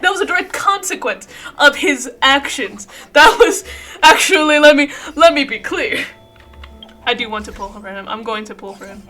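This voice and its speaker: High, bright-voiced woman streamer. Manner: dramatic, swings from mumbling to shrieking. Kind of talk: live gaming stream chat.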